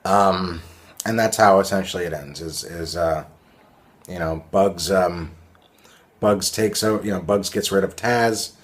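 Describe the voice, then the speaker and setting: A man's voice: low-pitched, a little slow. A man reviewing cartoons in a casual, rambling way, full of fillers and sarcastic asides.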